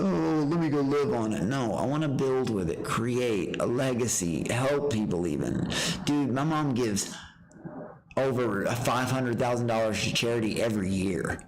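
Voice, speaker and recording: A man's voice: medium pitch, measured pace, slight background noise, poor audio. A man streaming live, ranting in a rambling, boastful way and trash-talking profanely. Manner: rambling with restarts. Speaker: livestreamer. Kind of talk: rambling livestream rant.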